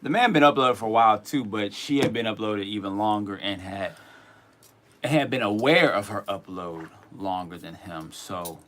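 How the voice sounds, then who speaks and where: A man's voice: fairly low pitch, normal speed, fairly bright tone, slight background noise. A man co-hosting a spirituality show in a loose, rambling way, with many restarts and fillers. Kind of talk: casual spiritual talk and Q and A.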